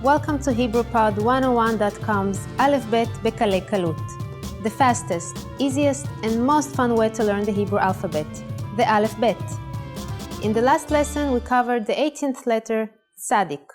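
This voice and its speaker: A woman presenting a scripted language lesson, pronouncing words clearly and carefully. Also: on the high side, a little fast, music in the background. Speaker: language teacher.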